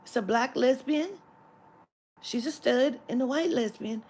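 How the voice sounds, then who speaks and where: A woman's voice: a little high, unhurried, husky. Profane ranting woman vlogger. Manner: profane, animated, mimics clerks' voices. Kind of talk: casual storytelling rant.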